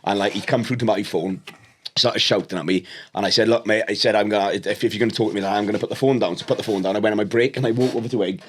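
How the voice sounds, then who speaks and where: A man's voice: fairly low pitch, fairly even intonation, rapid-fire, a little hiss or hum. A man telling a sweary anecdote in casual podcast chat, often saying "yeah, yeah" and "right?". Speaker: podcast co-host.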